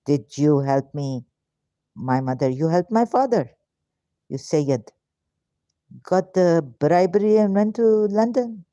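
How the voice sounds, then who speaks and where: A frustrated, confrontational woman rants at her viewers in a mellow, somewhat low voice. She speaks slowly and deliberately. The sound is close and dry. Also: lively intonation, dry recording, muffled recording. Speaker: vlogger. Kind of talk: ranting monologue to camera.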